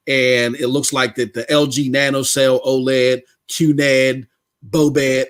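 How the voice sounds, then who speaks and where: A man hosting a casual gaming podcast, talking in an excited, slangy way and reading news articles aloud with asides. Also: medium pitch, moderate pace. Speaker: podcast host.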